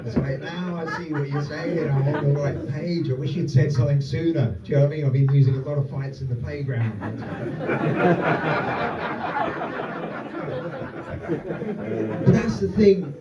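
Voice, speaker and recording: A man's voice: fairly high pitch, takes it slowly, pauses often, a loud crowd. A man doing a stand-up comedy set to a live audience, sarcastic and sweary with rambling asides. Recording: roomy distant dull club recording.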